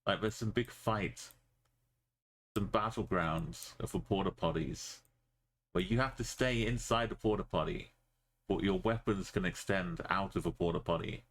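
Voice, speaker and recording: A man's voice: low-pitched, a little slow, a bit bright, slight background noise. A man streaming a map game, talking in a rambling, jokey way. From Britain. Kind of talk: casual gaming commentary.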